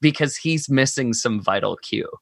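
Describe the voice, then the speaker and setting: Guest voice: earnest, reflective man with a bright, forward tone, dry close mic. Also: mid-range voice, moderate pace, creaky, no echo. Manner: reflective and earnest, thinks aloud. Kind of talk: personal conversation.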